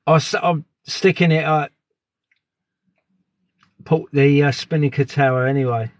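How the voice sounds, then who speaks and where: A man with a fairly high, steady voice speaks at a measured pace on a dry recording. He's live streaming outdoors at dusk on his phone during a sky watch, chatting casually and greeting viewers by name.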